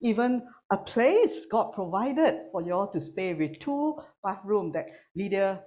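A woman preaching a sermon to a congregation, animated and teasing, swinging between loud calls and quiet asides. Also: mid-range voice, a little slow, dull audio. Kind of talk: sermon with humor. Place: church hall with online congregation.

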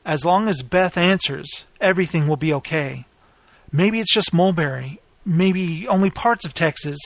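A man reading his own story aloud as its narrator, in a steady, plain storytelling manner. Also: on the high side, moderate pace, no echo. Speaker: author and narrator. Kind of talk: scripted audiobook narration.

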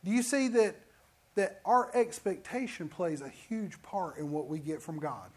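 A pastor preaching a sermon, telling stories and acting out the people in them. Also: male voice, high voice, a little slow, slightly rough. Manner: storytelling preacher, animated, acts out quotes.

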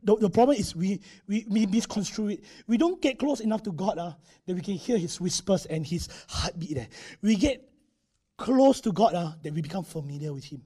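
A man's voice: high voice, expressive, moderate pace, mellow, husky. A male preacher, giving a conversational sermon in a church, acting out quotes and using tag particles.

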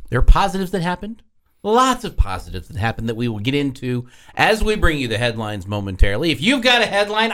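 A man's voice: fairly high pitch, bright, forceful tone. A man hosting a sports talk radio show, talking in an exasperated, sarcastic way.

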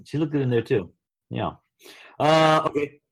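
A man co-hosting a casual chat, talking in a relaxed, rambling way with many fillers. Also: fairly high pitch, moderate pace, gravelly. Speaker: podcast co-host.

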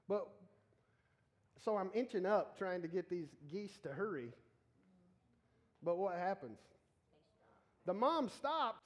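A man preaching a casual sermon, animated and joking as he talks straight to the congregation. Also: high voice.

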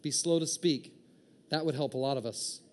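A man preaching a sermon to a congregation, animated and joking, acting out the inner voices of his listeners. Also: on the high side, normal speed. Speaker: pastor.

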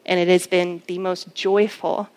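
A woman's voice: lowish voice, little pitch movement, a little slow, darkish tone. A young woman giving a personal testimony sermon as a campus minister, telling her story earnestly with many fillers.

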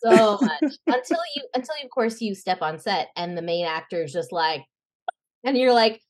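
A young woman, an actress and podcast guest, chatting casually and telling animated stories, acting out the voices she quotes and laughing often. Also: medium pitch, normal speed. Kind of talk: casual interview chat.

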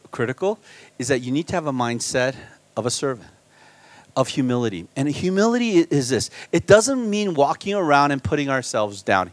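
A man preaching as a guest pastor at a church retreat, animated, swinging between loud emphasis and quiet asides. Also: high-pitched, no room sound. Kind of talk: sermon.

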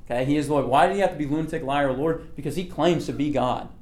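A man's voice: a little high, fast talker, darkish tone. A man leading a casual Bible study, talking through a passage in a conversational way, often checking in with "okay" and asking the group questions.

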